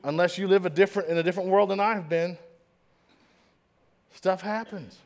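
A middle-aged man giving an inspirational speech, telling a story dramatically and swinging between hushed and loud. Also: sits high, fairly even intonation, normal speed. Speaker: motivational speaker. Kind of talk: inspirational speech to a live audience.

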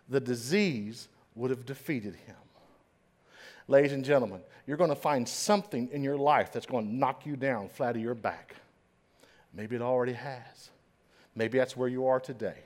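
A middle-aged man giving an inspirational speech, telling a story dramatically and swinging between hushed and loud. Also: medium pitch, moderate pace. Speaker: motivational speaker. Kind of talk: inspirational speech to a live audience.

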